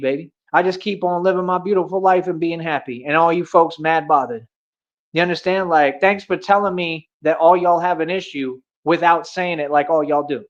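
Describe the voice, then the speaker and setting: A man's voice: high voice, muffled recording. A young American man streaming a casual rant. He is boastful and confrontational, and he talks in street slang. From United States.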